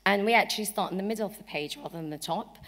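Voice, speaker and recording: A woman with a cold and a croaky voice, giving a measured legal seminar talk with frequent ums. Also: medium pitch, a bit bright. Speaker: barrister giving a lecture. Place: lecture hall. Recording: long hall reverb.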